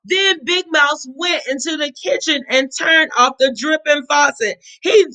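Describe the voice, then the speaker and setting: A woman reading a children's storybook aloud, animated and often asking her young listeners questions. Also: high-pitched, poor audio.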